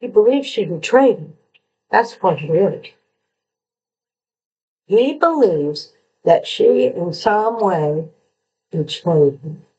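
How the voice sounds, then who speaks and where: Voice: mid-range voice, expressive, slow, long pauses, mellow, slightly rough, highs cut off. A true crime commentator analysing a confession letter, who lectures with emphasis and asks rhetorical questions.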